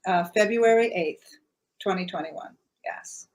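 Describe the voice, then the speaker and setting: An older woman recounting hard family events in an interview, earnest and matter-of-fact, with frequent "uh" pauses. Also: medium pitch, a little mellow. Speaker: guest. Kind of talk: personal storytelling in an interview.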